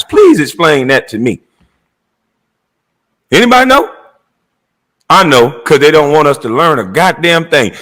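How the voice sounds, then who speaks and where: A man's voice: medium pitch, a bit bright, rough recording. A middle-aged man delivering a heated, blunt and profane monologue rant as a commentator.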